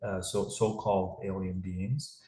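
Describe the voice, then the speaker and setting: A man's voice: low voice, level tone, measured pace, dark tone, echoey room, rough recording. A man hosting a live call series, talking in a rambling, casual way with many restarts. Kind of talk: casual livestream talk.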